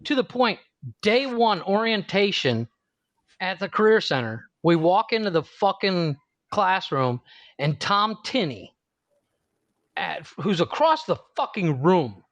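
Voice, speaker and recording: A man co-hosting a podcast in casual chat, swearing freely, laughing often and telling lively stories. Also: high-pitched, slow pace, no echo. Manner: swears freely, laughs a lot, animated storytelling. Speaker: podcast co-host.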